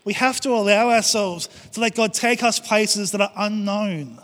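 A man's voice: high-pitched, moderate pace, a bit bright. A man preaching a passionate sermon to his church, acting out prayers and quotes. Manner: impassioned, acts out prayers and quotes. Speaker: pastor. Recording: long hall reverb.

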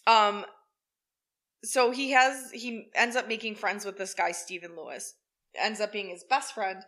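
A woman with a bright, forward voice tells a true-crime story in relaxed podcast chat. She keeps the talk wry and salty and swears freely. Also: medium pitch, a little slow. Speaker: podcast co-host.

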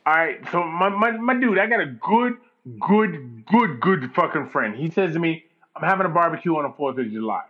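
Animated profane man telling a story. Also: on the high side, moderate pace, muffled recording. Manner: animated, profane, mimics people in his story.

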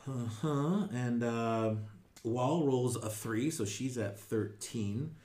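A man's voice: mid-range voice, slow pace, a little mellow. Casual male game master in an echoey room. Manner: casual, rambling with fillers, laughs often. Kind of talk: narrating a tabletop game.

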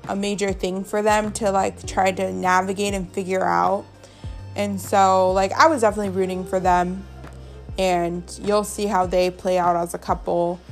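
A woman's voice: mid-range voice, flat delivery, moderate pace, soft background music. A young woman hosting a podcast, chatting casually and gossiping bluntly, swearing freely and saying "like" a lot. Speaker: podcast host. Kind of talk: casual chat.

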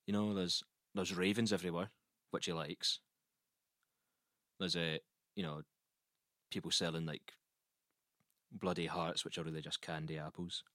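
A man's voice: low-pitched, flat delivery, moderate pace, pauses often, pushed and bright, no room sound, clean studio sound. A man telling a rambling comic story, stumbling and restarting as he goes. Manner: rambling, self-interrupting with repeated restarts.

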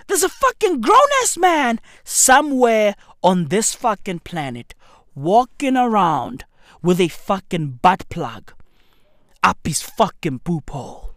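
A man in his thirties delivering a brash, profane comedic rant to camera, with bursts of shouting. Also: sits high, no room sound, clean studio sound. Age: 30s. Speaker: vlogger.

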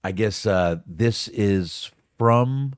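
Low-voiced, rambling podcast host. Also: male voice, extremely slow, clear, resonant tone, no room sound, studio quality. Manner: rambling, profane, off-the-cuff. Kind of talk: casual solo podcast chat.

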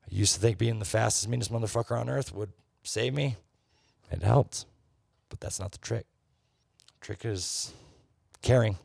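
A man's voice: fairly low pitch, normal speed, gravelly, long pauses, darkish tone, no room sound, studio quality. A man, a bartender, talking bluntly and earnestly in casual chat, with plenty of swearing.

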